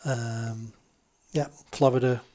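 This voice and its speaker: A man's voice: mid-range voice, steady tone, slow, mellow. A man, a podcast guest telling travel anecdotes in casual chat and laughing at his own stories. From England.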